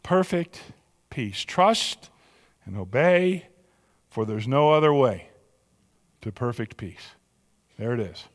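A pastor preaching a sermon with emphatic, drawn-out stressed words in a church sanctuary. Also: male voice, mid-range voice, animated, in a large hall.

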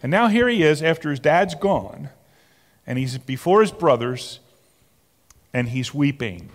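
A man preaching a sermon as pastor, slow and emphatic, rising to animated exclamations. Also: a little high. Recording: long reverb of a large hall.

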